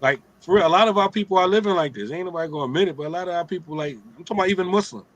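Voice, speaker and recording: A man's voice: high voice, rapid-fire, a bit bright, highs cut off. A middle-aged man hosting a casual religious talk, streetwise and joking, often asking "right?". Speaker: host of an Islamic talk show.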